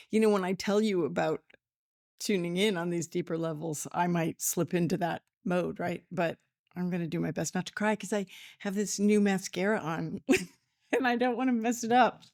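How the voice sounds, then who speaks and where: A woman's voice: fairly low pitch, steady tone, normal speed, darkish tone. A woman hosting a spiritual podcast from a small office studio, chatty and emotional, laughing often and close to tears. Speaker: podcast host. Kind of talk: casual spiritual podcast talk.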